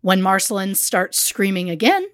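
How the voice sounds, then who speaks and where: A woman's voice: medium pitch, very animated, normal speed, dry recording, studio quality. A woman co-hosting a podcast, telling a true crime story in a blunt, conversational way with small fillers. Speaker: podcast co-host.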